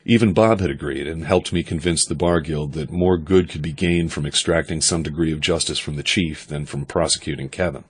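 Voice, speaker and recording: A man doing steady, measured first-person audiobook narration. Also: rumbling low, slightly rough.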